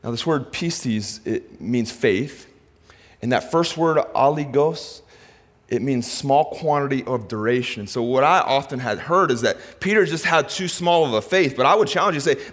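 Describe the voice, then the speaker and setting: A male pastor preaching a sermon, impassioned, swinging between loud, urgent preaching and hushed asides. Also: mid-range voice, normal speed. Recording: reverberant hall.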